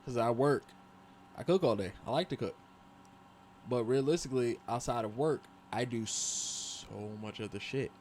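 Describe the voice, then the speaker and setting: A man's voice: mid-range voice, moderate pace, a little mellow, a little hiss or hum. A man co-hosting a podcast, talking loosely in slang with lots of fillers and swearing. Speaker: podcast co-host. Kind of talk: casual podcast chat.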